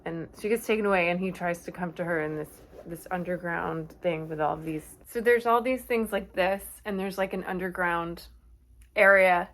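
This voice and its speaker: A woman's voice: on the low side, fairly even intonation, normal speed, a bit bright, a little hiss or hum. A woman casually recapping a horror movie from memory, rambling and correcting herself with chatty asides.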